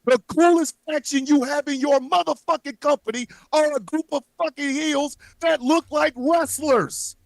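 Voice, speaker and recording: A man hosting a show, delivering an angry, profanity-filled rant that breaks into shouts at times. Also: very high voice, moderate pace, vocal fry, few pauses, no room sound. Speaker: show host.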